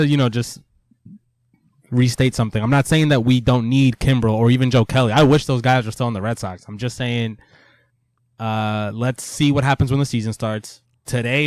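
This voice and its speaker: A man's voice: medium pitch, clean tone, no room sound. A man co-hosting a podcast in a casual sports chat, earnest and a little defensive, laughing things off. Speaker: podcast co-host.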